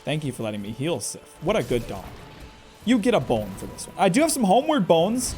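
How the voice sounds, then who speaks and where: A man with a fairly high voice talks his way through a game on a live stream. He chats away, exclaims, and addresses the enemy, with faint music underneath. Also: wildly swooping pitch, brisk, a little mellow. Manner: chatty, talks to himself and the enemy, exclaims often. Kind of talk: live gameplay commentary.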